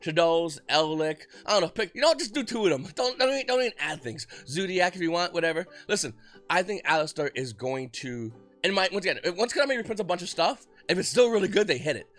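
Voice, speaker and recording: A man giving excited, rapid market commentary as host of his channel, often restarting his sentences. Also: high voice. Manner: talks fast when excited, frequent restarts. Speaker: trading card market commentator.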